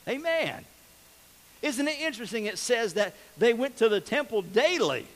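Male pastor with a high voice, folksy animated sermon delivery, recorded in a reverberant church hall. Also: a little fast. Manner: folksy, animated preaching with shouts and laughs.

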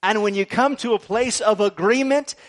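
A middle-aged male pastor giving a sermon in an animated, jokey way, often checking in with "right?". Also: high-pitched, moderate pace. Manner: animated, jokey preaching with frequent "right?" asides.

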